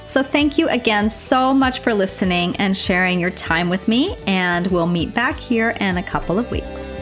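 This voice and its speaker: A woman's voice: mid-range voice, expressive, moderate pace, over music. A woman hosting her nursing podcast, chatting in a bubbly, enthusiastic way from her office. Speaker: podcast host, nurse. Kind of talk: casual podcast chat. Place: home office.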